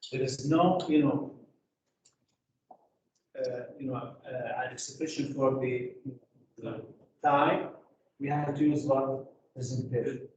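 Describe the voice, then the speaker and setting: A man teaching an English grammar lesson, asking the class rhetorical questions and filling pauses with "you know". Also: mid-range voice, steady tone, a little mellow, distant mic, muffled recording, slight background noise. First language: Arabic. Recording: echoey classroom taped from afar.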